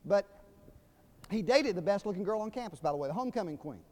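High-voiced Southern preacher in a reverberant hall. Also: male voice, animated, fast, a little mellow. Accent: Southern US (Georgia). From Georgia, USA. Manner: folksy storytelling with humor, building to emphatic preaching. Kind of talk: sermon. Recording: long reverb of a large hall.

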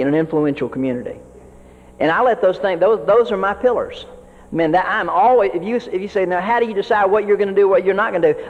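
A man preaching as a pastor, earnest and folksy, often repeating words as he builds each point. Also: high-pitched. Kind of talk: sermon to fellow ministers. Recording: dull audio with long hall reverb.

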